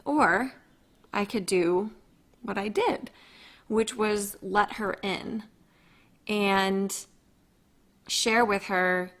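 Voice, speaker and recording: A woman hosting her own podcast, talking in an earnest, confiding way, slow and thoughtful, with frequent restarts. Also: medium pitch, a bit bright. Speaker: podcast host. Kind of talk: reflective solo podcast talk.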